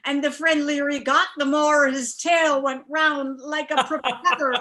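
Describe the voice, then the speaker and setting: A woman with a high, bright voice spins a folksy tale in an Irish accent, lively and playful, over a video call. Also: measured pace. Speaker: storyteller. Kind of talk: live storytelling performance.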